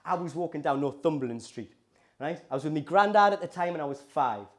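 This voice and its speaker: A man with a Geordie accent doing stand-up comedy, talking in a lively, provocative, conversational way. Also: fairly high pitch, brisk.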